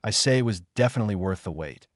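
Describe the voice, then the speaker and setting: A man's voice: lowish voice, lively intonation, fast talker, no room sound, clean studio sound, close to an everyday voice. A man doing a cocky teen ninja boy. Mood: confident. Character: brash teen male ninja, self-assured.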